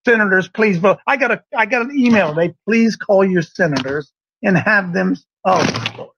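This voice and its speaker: High, bright-voiced man preaching with fervor. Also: expressive, moderate pace, slightly rough. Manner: impassioned, swings between quiet reading and loud shouting. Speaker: pastor and show host. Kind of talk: fervent preaching on a talk show.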